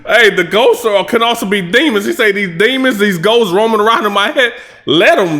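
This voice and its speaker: A man reacting to a rap track, breaking down the lyrics line by line in a casual, excitable way with hype shouts. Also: high-pitched, moderate pace, few pauses. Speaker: music reaction host.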